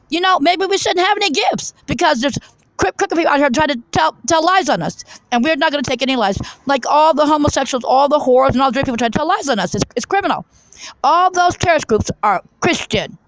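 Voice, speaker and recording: A woman's voice: sits high, dry recording, rough recording. A woman giving a rambling, fervent monologue to her viewers from a coffee shop, with many restarts and stammered repeats. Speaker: vlogger.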